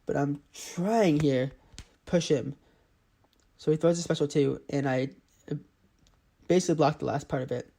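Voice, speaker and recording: Man, gameplay commentary, exasperated play-by-play, slightly high voice. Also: a little slow, vocal fry, long pauses, warm tone. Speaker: gaming channel host.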